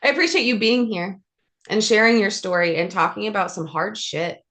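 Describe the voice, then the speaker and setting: A woman's voice: medium pitch, brisk, fairly bright tone. A woman hosting a coaching podcast, talking casually and emotionally, swearing freely and praising her guest. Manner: swears freely, effusive and affectionate. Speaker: podcast host and life coach. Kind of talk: emotional casual interview chat.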